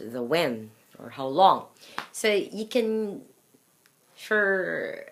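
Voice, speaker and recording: A woman with a Filipino accent gives an English pronunciation lesson in a low, unhurried voice. She speaks deliberately, sounding out example words again and again as she explains them. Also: sing-song, a little hiss or hum. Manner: slow, deliberate, demonstrating sounds with repeated examples. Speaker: English fluency trainer.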